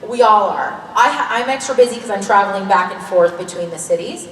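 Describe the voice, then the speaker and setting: A woman in her thirties, a panel guest at a convention in a large hall, chats candidly, laughing often and swearing casually. Her mid-range voice is fairly quick and a bit bright, picked up by a distant mic with hall echo and faint ambience.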